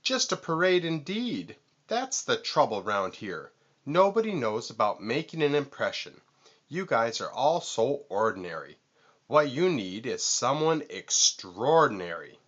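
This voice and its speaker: A man's voice: on the low side, lively intonation, unhurried, fairly bright tone, muffled recording. A man voicing a vain, pushy male vulture in a storybook read-aloud, boastful and screechy.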